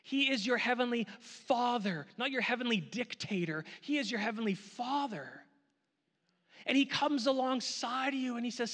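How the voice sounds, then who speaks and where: A male pastor delivers a sermon from the front of his church, his voice sitting high. He slows down and drags out the lines that matter, then repeats short phrases for weight. The sound rings out with a long reverb through the sanctuary. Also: fairly bright tone. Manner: earnest, repeats phrases for emphasis; slow, drawn-out delivery on key lines.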